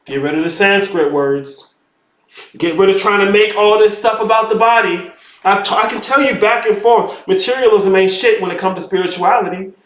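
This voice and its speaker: A man teaching spirituality in a casual, animated lecture, emphatic and profane, who keeps calling the listener "bro". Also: high-pitched, moderate pace. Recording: roomy echo.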